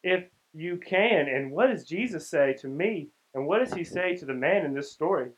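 A man's voice: on the high side, animated, brisk, slightly rough, poor audio. A young man giving a casual, conversational sermon and acting out the lines of the people in the story. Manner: conversational, acts out the characters' lines. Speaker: preacher.

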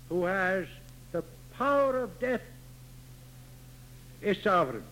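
A man preaching a sermon slowly and deliberately, stressing key words through repetition. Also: high voice, very animated, a bit bright, poor audio. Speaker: pastor.

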